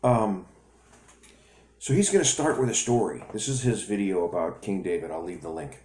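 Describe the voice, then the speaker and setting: Deep-voiced man telling a story. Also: animated, normal speed, darkish tone. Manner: rambling with restarts. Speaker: ministry video host. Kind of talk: storytelling sermon. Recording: echoey room.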